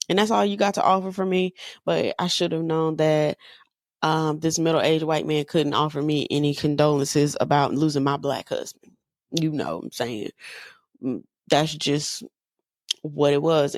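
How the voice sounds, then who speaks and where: A woman's voice: low-pitched, normal speed, creaky, a little mellow, no echo, clean studio sound. A woman in her thirties hosting a podcast, talking candidly in a loose, conversational way with lots of fillers. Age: 30s. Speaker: podcast host. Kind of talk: personal monologue.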